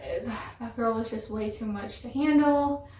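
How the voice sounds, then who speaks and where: A young female vlogger, her voice on the high side and a little slow, tells a story in casual, chatty fashion, sounding exasperated and saying "like" a lot. She sounds distant in a roomy, echoing space, with background noise present.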